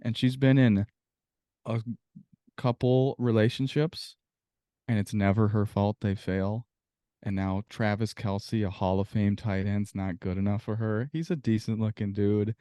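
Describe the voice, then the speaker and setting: A man's voice: lowish voice, steady tone, unhurried, warm tone, smooth, dry recording, clean studio sound. A man co-hosting a casual sports podcast, venting in a profane, exasperated rant. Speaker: podcast co-host.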